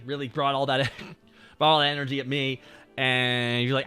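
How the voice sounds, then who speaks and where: A man's voice: medium pitch, moderate pace, a bit bright, clear, resonant tone, faint music behind. A young man, telling a story casually on stream in a profane, rambling way.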